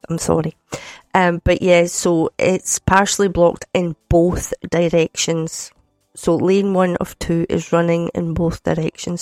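A woman's voice: fairly low pitch, no room sound. A Scottish woman presenting a Sunday radio show, chatty and jokey, sounding a bit groggy, on a studio microphone. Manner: chatty, jokey, warm teasing asides. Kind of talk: casual radio chat. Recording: dry studio sound with faint music.

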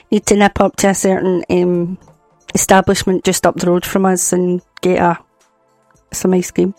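Croaky Scottish woman radio presenter. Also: on the low side, monotone, normal speed, a little mellow, no echo, faint music behind. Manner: chatty, apologetic, laughs at herself. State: croaky voice from hay fever. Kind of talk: casual radio chat. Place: radio studio.

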